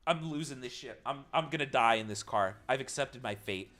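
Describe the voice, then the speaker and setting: A young man streaming to his live chat, telling a story in a casual, swearing way and breaking into loud mock panic. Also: mid-range voice, brisk, faint music behind.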